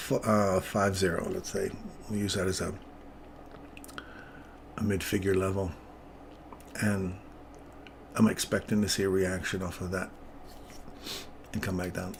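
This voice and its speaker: A man's voice: fairly low pitch, slight background noise. A man giving casual live commentary on his market trades, chatting with viewers as he works through the charts. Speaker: trading streamer.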